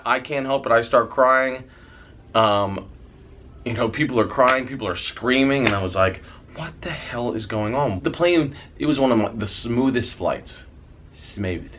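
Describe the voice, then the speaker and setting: A young man telling a dramatic story in a casual vlog, swearing freely and mimicking the noises as he goes. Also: on the low side. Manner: animated, dramatic retelling with sound effects. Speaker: vlogger.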